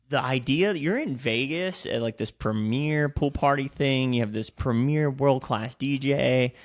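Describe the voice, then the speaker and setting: A young man co-hosting a podcast, telling stories in casual chat, swearing freely and acting out what people said. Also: mid-range voice. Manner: storytelling with lots of swearing and acted-out quotes. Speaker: podcast co-host.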